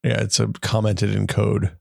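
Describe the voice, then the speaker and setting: A man's voice: fairly low pitch, completely flat delivery, moderate pace, creaky, dry recording, clean studio sound. A man co-hosting a tech podcast, chatting casually and explaining things with jokes and tangents. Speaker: podcast co-host. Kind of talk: casual chat.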